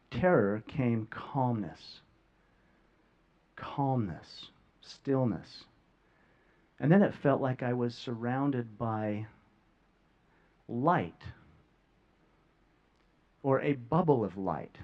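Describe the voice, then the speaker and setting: A man speaks from a stage to an audience in a middle-pitched voice, earnest and heartfelt. He halts often, repeating words and pausing long. The sound is slightly dull and lo-fi. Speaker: speaker sharing a near-death experience. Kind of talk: emotional public talk to an audience. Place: stage before a live audience.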